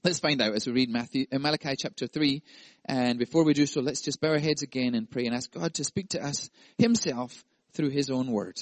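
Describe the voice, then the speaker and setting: A man's voice: medium pitch, brisk, dry recording. A male pastor preaching a sermon, playful and jokey, acting out voices.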